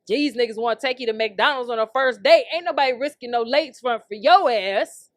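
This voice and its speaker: A young woman hosting her own podcast, ranting in a brash, heated way and swearing at nearly every turn. Her voice sits a little high, and it is recorded dry with no room sound. She breaks into laughter often. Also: fairly quick, dry recording. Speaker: podcast host. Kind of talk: profane comedic rant.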